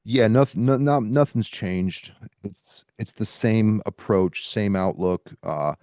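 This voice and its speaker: A man hosting a podcast in a casual, halting way, pausing as he reads from his sources. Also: fairly low pitch, a little mellow, no echo. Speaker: podcast host. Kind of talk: casual podcast talk, reading quotes aloud.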